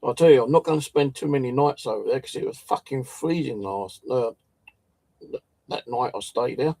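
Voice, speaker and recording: Gravelly man rambling casually. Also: medium pitch, moderate pace, dark tone, dry recording. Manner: swears a lot, restarts and stumbles. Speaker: channel host.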